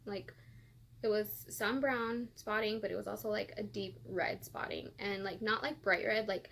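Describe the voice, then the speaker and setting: Woman, vlog storytelling, gravelly edge, rambling with fillers, tearful. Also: medium pitch, fairly even intonation, moderate pace, fairly bright tone. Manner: rambling, filler-heavy, emotional. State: tearful, close to crying. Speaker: vlogger.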